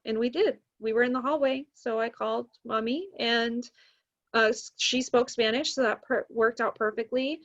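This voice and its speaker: A young woman tells a story on a podcast in a casual, animated way and slips into the voices of the people she quotes. Her voice sits a little high. The recording sounds dull and lo-fi. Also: moderate pace. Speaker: math teacher, podcast guest.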